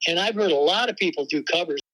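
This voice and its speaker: Bright-voiced older man telling stories. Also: a little high, fast talker, low-quality recording. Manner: relaxed storytelling, laughs often. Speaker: guest, rock drummer. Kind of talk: casual interview talk.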